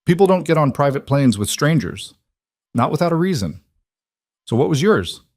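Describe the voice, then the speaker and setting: A man voicing a calm, smooth mob interrogator in a suit, coldly menacing. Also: fairly high pitch, moderate pace, no room sound, clean studio sound, voice pushed up, exaggerated voice.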